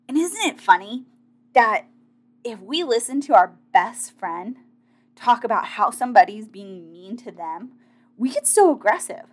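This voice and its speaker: A woman's voice: a little high, expressive, normal speed. A woman in a casual motivational monologue, talking directly and chattily to her listeners as a fitness competitor sharing advice.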